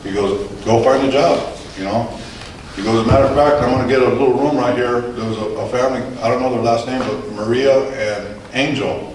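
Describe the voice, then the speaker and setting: A man in his forties or older tells his personal testimony to a church audience, acting out his own lines and the other people's lines as he goes. His voice sits at an ordinary pitch for a man. It rings through a very echoey hall, picked up from a distance, with faint room noise underneath. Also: fairly even intonation, fairly quick. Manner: storytelling, acting out dialogue, chuckling. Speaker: guest speaker giving testimony.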